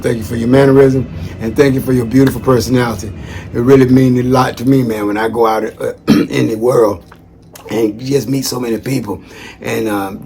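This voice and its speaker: A man talks in a loose, folksy way, drifting from thanks into stories and back again. His voice sits at an ordinary middle pitch. A faint hiss of background noise runs under him. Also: darkish tone. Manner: chatty, folksy, digressive, calls listeners "man". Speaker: vlogger giving shout-outs; former social worker. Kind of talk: casual rambling monologue.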